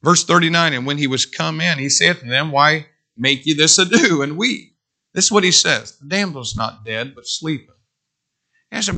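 A middle-aged man preaching a sermon, animated, breaking into whoops and joking asides. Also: on the high side, moderate pace.

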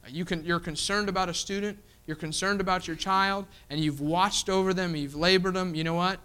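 Bright-voiced man preaching a sermon. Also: high-pitched, steady tone, brisk, clean tone, low-quality recording. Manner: emphatic, repeating "you know what?" as a hook and acting out quoted voices.

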